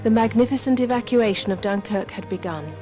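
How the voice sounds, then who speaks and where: A woman reading scripted documentary narration in a measured, even way. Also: a little high, music in the background.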